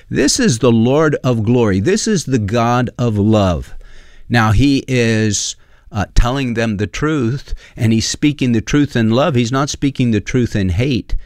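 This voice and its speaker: A man's voice: mid-range voice, a little mellow, no echo, studio quality. A man preaching a sermon in an earnest, conversational way, with frequent fillers as he reads and explains scripture.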